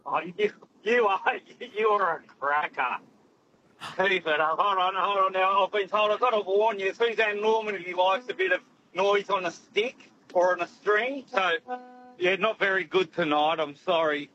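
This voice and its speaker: A man rambles cheerfully on a call to a radio show. His voice is high for a man. The muffled line carries faint noise. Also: moderate pace, bright, forceful tone. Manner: chatty, rambling. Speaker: radio caller.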